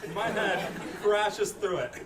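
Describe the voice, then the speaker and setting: A man's voice: high-pitched, takes it slowly, echoey room, background noise. Playful young man in live improv banter. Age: young adult. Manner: playful, mock-serious questions. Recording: distant stage audio, loud crowd.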